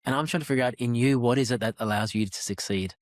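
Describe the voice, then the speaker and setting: A man hosting a podcast, probing and challenging his guest, pressing for clear answers. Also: medium pitch, fast, no room sound, clean studio sound. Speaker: podcast host. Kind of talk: casual interview conversation.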